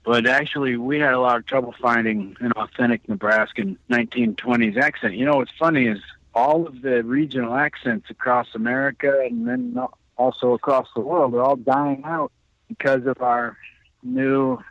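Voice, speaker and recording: A man's voice: medium pitch, lively intonation, normal speed, vocal fry, a bit bright, no room sound. A middle-aged man, the actor guest in an interview, talking in a thoughtful, rambling way with restarts. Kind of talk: interview conversation. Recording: slightly muffled dry sound.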